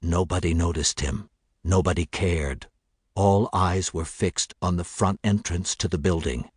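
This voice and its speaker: A man narrating a thriller audiobook in a measured, steady voice. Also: low-pitched, husky, no room sound, studio quality.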